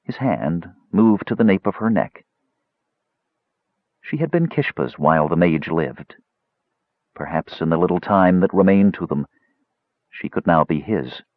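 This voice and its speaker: A man narrating a fantasy story in a measured storytelling manner. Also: deep voice, no echo. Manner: measured storytelling, lively intonation. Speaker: audiobook narrator. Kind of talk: scripted narration. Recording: dull dry close-mic audiobook recording.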